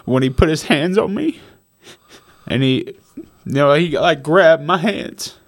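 A man's voice: on the high side, lively intonation, unhurried. Man telling a story with emotion. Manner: emotional storytelling, profane, repeats himself. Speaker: guest. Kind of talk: casual conversation.

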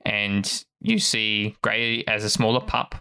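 A man running a tabletop game, telling the scene in an animated way with many restarts. His voice sits fairly low but sounds bright and forceful. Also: slow pace, vocal fry, clear, resonant tone. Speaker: game master.

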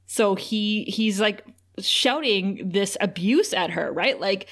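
A woman's voice: medium pitch, expressive, slow. Giggly woman recapping a show. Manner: laughing, chatty, swears freely. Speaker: podcast co-host. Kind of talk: casual episode recap.

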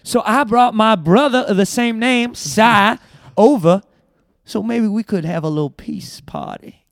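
A man's voice: high voice, measured pace, no echo, studio quality. A man voicing a folksy rural hick uncle with drawling country talk.

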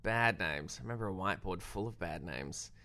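A young Australian man, a filmmaker guest, telling a story in casual, self-deprecating chat. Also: brisk. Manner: animated, self-deprecating, jumps pitch when quoting.

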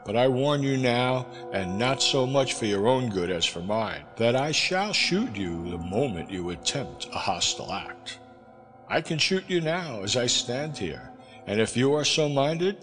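Man reading as a stern educated gentleman standing his ground, animated delivery, music and big reverb. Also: mid-range voice, unhurried, voice pushed up. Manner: stern, defiant. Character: stubborn educated gentleman castaway, defiant.

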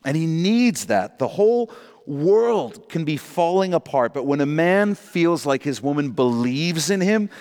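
A middle-aged man preaching a sermon on marriage, animated and joking, repeating short refrains for emphasis. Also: on the high side, measured pace, in a large hall. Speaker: pastor.

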